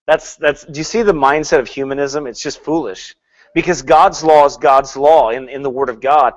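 A male preacher with a fairly high voice delivers a sermon. He swings from loud bursts to hushed asides and laughs often. He mocks what others say with put-on quotes. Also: steady tone, moderate pace, lo-fi sound.

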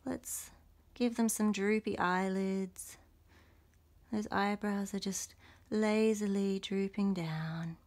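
A young adult woman walks through a drawing lesson at an unhurried pace. Her voice carries a noticeable gravelly fry. She explains each step gently and encouragingly as she sketches. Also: mid-range voice. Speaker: illustrator leading a workshop. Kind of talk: drawing tutorial for teachers.

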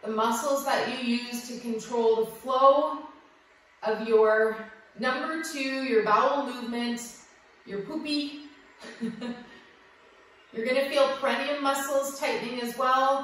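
A woman yoga teacher guiding a breathing class with gentle, affectionate cues, recorded in an echoey room from a distance. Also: a little high.

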